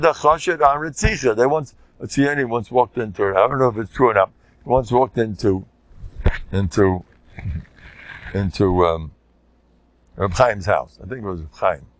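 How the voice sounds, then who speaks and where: Older rabbi telling stories with fire. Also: male voice, medium pitch, moderate pace, long pauses, no room sound. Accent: American Orthodox Jewish English with Yiddish words. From United States. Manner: storytelling, bursts into loud shouted quotes. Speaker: rabbi giving a Torah class. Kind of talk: informal Torah talk with stories.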